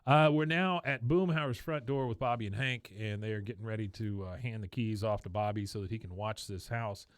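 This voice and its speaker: A man's voice: lowish voice, no echo. Man recapping a show, laughing. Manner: retells scenes with quick impressions of characters, laughs often. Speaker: podcast co-host. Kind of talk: casual podcast recap.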